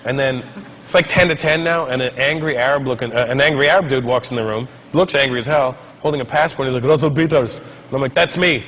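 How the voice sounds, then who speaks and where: A man in his thirties doing stand-up comedy on a stage, telling an animated story and acting out the voices of the people in it. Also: mid-range voice, fast talker.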